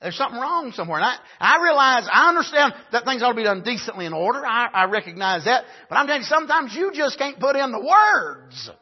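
Male camp-meeting preacher, raspy, rising to shouts. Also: very high voice, very animated, quick pace, hardly any pauses, muffled recording. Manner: frequent "amen", builds to shouts. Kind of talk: sermon.

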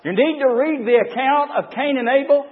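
High-voiced man preaching in an echoey hall. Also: moderate pace. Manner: impassioned, swings between shouting and low murmurs. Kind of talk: fervent sermon to a men's gathering. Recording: dull echoey hall recording.

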